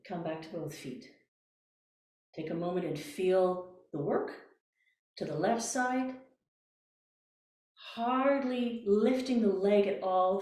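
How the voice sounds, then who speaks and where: A woman voice coach leading a workshop over a video call, giving calm, gentle cues. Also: medium pitch, reverberant. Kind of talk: guided workshop instruction.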